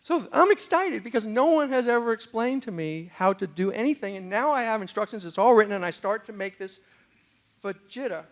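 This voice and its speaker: High-voiced gravelly man telling funny stories. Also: a little fast. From New York City. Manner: animated comic delivery with audience asides. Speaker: storyteller and motivational speaker. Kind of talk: humorous storytelling talk. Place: university lecture hall.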